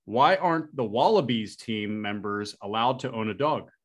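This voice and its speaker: Upbeat man, energetic podcast chat. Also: lowish voice, moderate pace. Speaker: podcast host. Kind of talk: casual chat.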